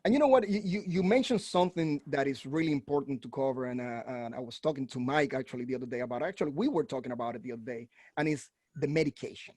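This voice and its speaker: A man hosting a veterans' podcast, telling stories in an animated, casual way and acting out the quotes. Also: medium pitch, quick pace, hardly any pauses, no room sound, studio quality. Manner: animated storyteller, acts out quotes. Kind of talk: casual conversation, storytelling.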